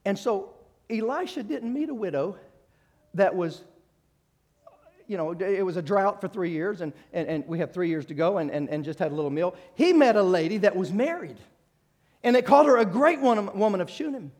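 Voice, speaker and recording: A man preaching a sermon, retelling a story with acted quotes and frequent restarts, moving from loud rising exhortation to quiet conversational asides. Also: high voice, lively intonation, moderate pace.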